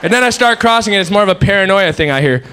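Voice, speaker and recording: A man's voice: sits high, animated, rapid-fire, crowd noise, noisy background. Rambling male stand-up comic. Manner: rambling, self-mocking storytelling. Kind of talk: stand-up routine.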